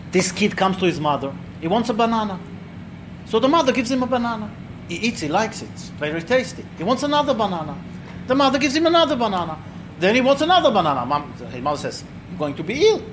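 Animated high-voiced man teaching a class. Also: fast talker, background noise. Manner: storytelling, asks the listeners questions, acts out voices. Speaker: rabbi or teacher leading a class. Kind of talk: conversational religious teaching.

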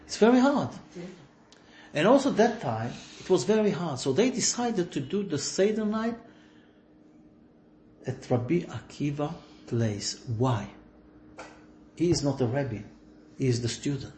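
A man's voice: a little high, very animated, measured pace, pauses often, warm tone, reverberant, slight background noise. A man leading an informal religious class, telling stories and acting out the dialogue with bursts of laughter. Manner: storytelling, acts out dialogue with laughing outbursts. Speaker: rabbi teaching a class.

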